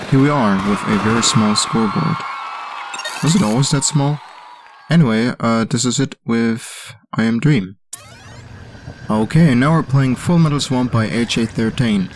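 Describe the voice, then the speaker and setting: A young man with a German accent giving let's-play commentary on game levels, halting and full of pauses and fillers. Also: mid-range voice, slight background noise. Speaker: host reviewing community game levels.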